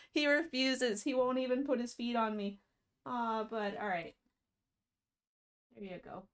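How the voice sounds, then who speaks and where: A woman's voice: a little high, fairly even intonation, unhurried, smooth. A young adult woman streamer chatting casually and affectionately on a live stream, swearing now and then.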